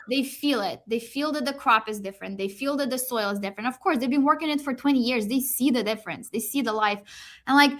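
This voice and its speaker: A woman with a fairly high voice speaks as a podcast guest in a relaxed interview. She talks earnestly and speeds up when she lists her points. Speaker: agriculture company guest. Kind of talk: casual interview conversation.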